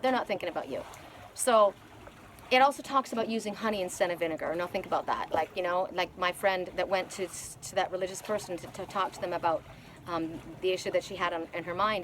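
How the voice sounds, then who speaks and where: A woman's voice: lowish voice, quick pace, slight background noise. An older woman giving a spiritual oracle card reading in an earnest, rambling way, often repeating words and restarting sentences.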